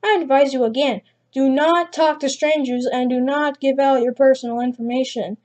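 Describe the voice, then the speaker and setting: High-voiced woman narrating a creepypasta. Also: fairly even intonation, moderate pace, a little mellow. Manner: reads first-person with frequent restarts. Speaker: channel narrator.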